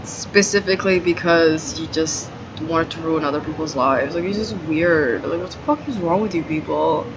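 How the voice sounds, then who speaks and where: In a video diary, a woman rants about her grievances, sounding aggrieved and profane and saying "like" over and over. Her low voice keeps a moderate pace with few pauses, captured in dull lo-fi audio against a noisy background.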